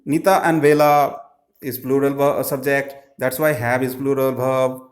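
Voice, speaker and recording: A man, explaining textbook grammar answers slowly, with many pauses and fillers. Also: medium pitch, little pitch movement. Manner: slow, halting, many "uh" fillers. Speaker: English teacher.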